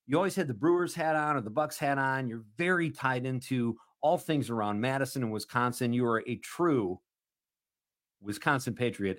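A man hosting a casual talk show quiz. He is upbeat, laughs often, and reads the questions with emphasis. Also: medium pitch. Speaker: radio show host.

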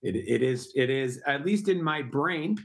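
A man's voice: mid-range voice, lively intonation, unhurried. A middle-aged man, a guest on a talk show, explaining his project in an earnest and persuasive way. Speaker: guest, park project founder. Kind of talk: interview answers.

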